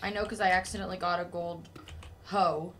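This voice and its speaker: A woman playing a game with the host on a livestream, speaking softly and offhandedly, a little away from the mic. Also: on the low side, fairly even intonation, a little fast, a little hiss or hum. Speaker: co-player on stream. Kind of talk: casual gaming chat.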